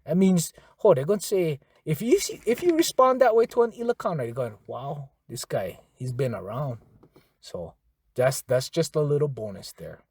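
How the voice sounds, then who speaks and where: A man's voice: a little high, big pitch swings, moderate pace, darkish tone, husky. A man teaching a casual language lesson, patiently repeating phrases and spelling words out.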